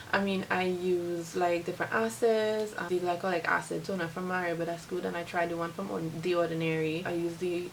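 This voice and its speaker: Chatty Trinidadian woman with a gravelly voice. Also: on the low side, a bit bright, slight background noise, low-quality recording. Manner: chatty, rambling, many "like" fillers. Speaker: beauty vlogger. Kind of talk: casual talk to camera.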